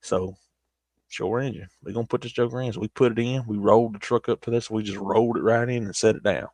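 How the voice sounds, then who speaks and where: A man's voice: fairly low pitch, steady tone, fast talker, a little mellow, dry recording. A man with a Southern US accent telling a long casual story on a stream, rambling with restarts.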